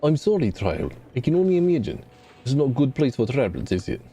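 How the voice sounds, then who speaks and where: A man voicing a mysterious middle-aged fortune teller who drops his articles and speaks in a slow, mystical lilt. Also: mid-range voice, very animated, mellow, slight background noise. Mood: soothing.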